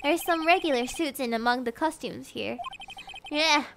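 Bubbly high-voiced woman streamer. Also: moderate pace, vocal fry, background noise. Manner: bubbly, giggly, chatty. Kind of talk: casual live-stream chat while gaming.

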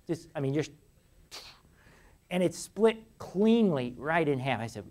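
A man's voice: a little high, very animated, unhurried, darkish tone. A middle-aged man giving a university lecture in a casual, chatty way, with frequent restarts and laughter. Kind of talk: classroom lecture. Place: lecture hall.

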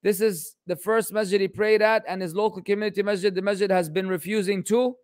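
A man's voice: high voice, steady tone, brisk, clean tone, no echo, studio quality. A man teaching Islamic studies in a casual livestream Q&A, joking and exasperated as he answers questions.

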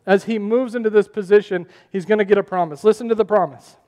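A man preaching a sermon as pastor, animated and asking the congregation questions as he goes. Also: high-pitched, fast talker, long reverb tail.

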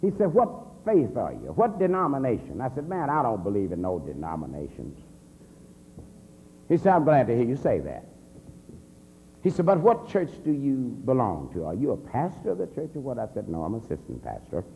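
A man, an assistant pastor, telling his conversion story as a convention sermon, swinging from a low murmur to heated near-shouts. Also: huge pitch swings, normal speed, vocal fry. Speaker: minister giving testimony. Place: large convention hall. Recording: reverberant hall with faint hum.

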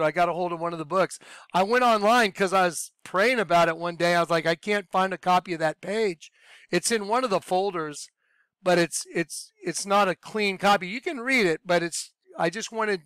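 A man preaching in an off-the-cuff monologue that rambles from point to point, with plenty of fillers and excitable bursts. His voice sits higher than most men's and comes through smooth and clear. The sound is close and dry. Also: dry recording. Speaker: online preacher.

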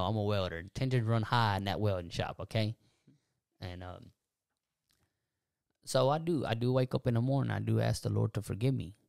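A young man talking casually about faith and self-forgiveness on a podcast, animated and preachy, laughing often. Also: on the low side, vocal fry, smooth, dry recording, studio quality. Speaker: podcast co-host.

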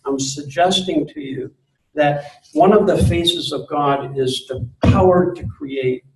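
A man giving a live spiritual talk to an audience, earnest and gently insistent, repeating phrases for emphasis. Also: fairly high pitch, slow pace. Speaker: speaker on spirituality. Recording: roomy, distant mic.

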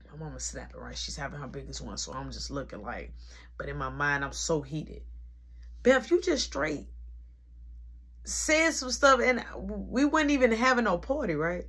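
A woman's voice: on the high side, normal speed. Young woman spilling a wild family story, dramatic and slangy, voice bouncing up and down a lot. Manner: animated, dramatic, slangy retelling. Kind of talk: casual storytime.

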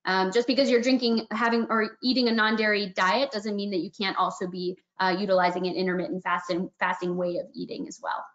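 A woman's voice: medium pitch, fairly even intonation, brisk, few pauses, fairly bright tone, dull audio. Woman explaining fluently on a webinar. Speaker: panel expert. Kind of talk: online webinar Q&A.

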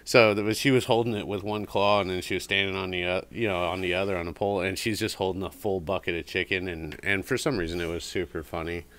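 A man with a low, slightly bright voice talks fast and steadily with few pauses. He co-hosts a casual podcast chat from a cigar shop, telling rambling stories full of fillers and mimicking a parrot's squawk.

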